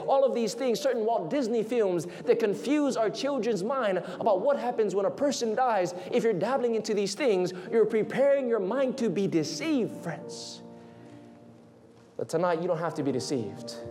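High-voiced earnest male preacher. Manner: earnest, drops to a hushed tone on "friends". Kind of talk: evangelistic sermon.

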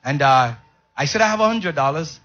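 A high, bright, slightly husky male preacher delivers a call-and-response sermon, shouting one moment and dropping to soft asides the next, often stumbling over repeated words. The recording is dull and lo-fi. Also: animated, fairly quick. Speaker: pastor.

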